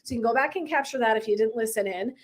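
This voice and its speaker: Midlife woman coach chatting from her chair at home, giggly storyteller, slightly high voice. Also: rapid-fire. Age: middle-aged. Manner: bubbly, laughing often, animated storytelling. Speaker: wellness coach. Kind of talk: casual live-stream chat. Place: indoors at home, seated in a chair.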